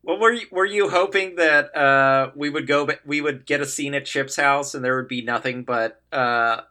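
A man's voice: mid-range voice, normal speed, pushed and bright. A man co-hosting a comedy podcast, trading playful absurd jokes in casual chat. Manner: playful, throws in absurd bits and laughs. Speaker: podcast co-host.

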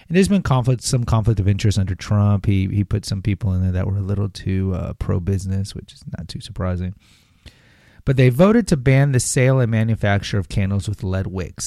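Gravelly, low-voiced podcast host. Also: male voice, warm tone, no room sound, clean studio sound. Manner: rambling, sarcastic asides, reads then riffs. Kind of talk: casual commentary on health topics.

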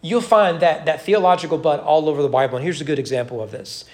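A man's voice: a little high, fast, a little mellow. A man preaching an expository sermon at an evening church service, talking conversationally, with wry asides and frequent restarts. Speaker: pastor. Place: church sanctuary during evening worship.

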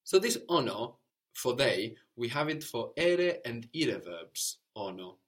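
A man's voice: mid-range voice, very animated, slow. A man teaching a language lesson, patiently prompting his student and repeating each answer.

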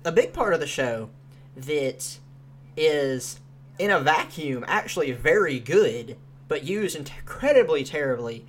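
A man's voice: a little high, a little slow. A young man co-hosting a podcast, reviewing a show in casual chat with lots of fillers and free swearing. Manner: animated, swears freely, frequent fillers. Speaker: podcast co-host.

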